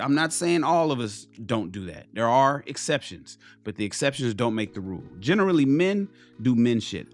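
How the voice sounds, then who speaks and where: A man's voice: mid-range voice, sing-song, fairly quick, few pauses, faint music behind. A man ranting bluntly and profanely on a casual live stream, preaching to his viewers.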